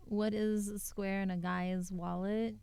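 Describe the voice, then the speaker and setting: A woman's voice: medium pitch, little pitch movement, unhurried, creaky, dark tone, clear, resonant tone. A young adult woman streaming live while drawing, talking casually and reacting with puzzled, mock-indignant exclamations.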